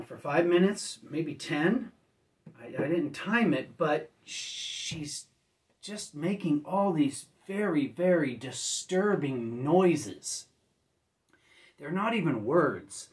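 Slow, rambling man reviewing discs. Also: on the high side, far from the mic. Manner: rambling, clears throat often, self-correcting. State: just woke up. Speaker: disc reviewer. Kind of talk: casual home video review.

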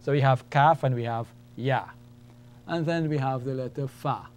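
Guy teaching a class, slow and patient, repeats stuff, bit of hum behind. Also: mid-range voice. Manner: patient, repetitive, explains step by step. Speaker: Arabic teacher. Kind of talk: classroom lesson.

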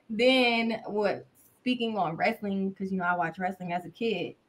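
A woman's voice: medium pitch, steady tone, moderate pace. A woman from the American South, a wrestler on a podcast, talking in a loose, slangy way. She laughs easily and keeps the chat playful. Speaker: guest wrestler.

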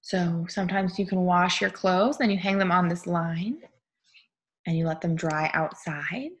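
A woman's voice: lowish voice, moderate pace, slightly rough. A young woman, a preschool teacher, leads an online group time for small children, gasping in delight and drawing out animal sounds.

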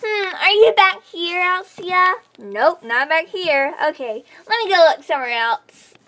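A woman's voice: very high voice, expressive, measured pace, bright, forceful tone, heavily acted. A child voicing a cheerful little girl doll in a home doll play video, bubbly and giggly. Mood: playful.

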